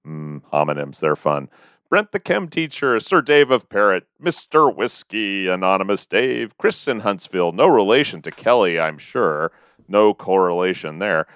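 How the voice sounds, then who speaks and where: A man co-hosting a podcast in casual, jokey banter, reading out listener names and mail with a slightly hoarse voice. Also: sits low, big pitch swings, normal speed, no echo, studio quality. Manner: playful, jokey delivery with sudden loud bits. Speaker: podcast co-host.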